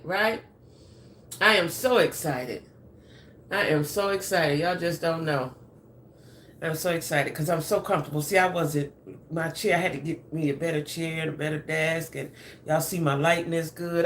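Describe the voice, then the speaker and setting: A woman's voice: on the low side, moderate pace, fairly bright tone. A woman hosting a casual gossip livestream from her home desk, chatting in Southern vernacular and greeting viewers by name. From Southern United States. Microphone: camera and ring light at desk.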